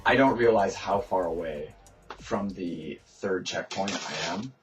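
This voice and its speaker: A man narrating his run through a city chase game in a casual, lively storytelling voice, acting out the shouts he heard. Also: low-pitched, unhurried, over music. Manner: lively retelling, acts out quoted shouts.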